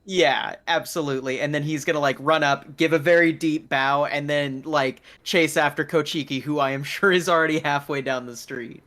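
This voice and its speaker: A man's voice: on the high side, fairly even intonation, moderate pace, few pauses, fairly bright tone. A man playing a tabletop game, easygoing and chatty. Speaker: player. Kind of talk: casual tabletop game chat.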